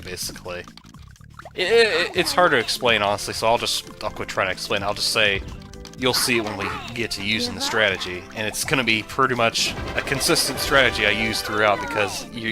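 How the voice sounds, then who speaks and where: Low-voiced rambling gameplay commentator. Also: male voice. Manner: rambling, chatty, drifts into tangents. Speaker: let's play commentator. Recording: game music behind the voice.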